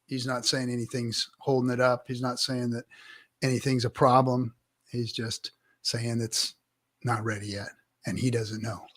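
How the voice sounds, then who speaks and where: A man with a voice of average pitch co-hosts a casual crypto show. He talks bluntly and swears freely as he lectures about investing. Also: level tone, moderate pace, fairly bright tone. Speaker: podcast co-host.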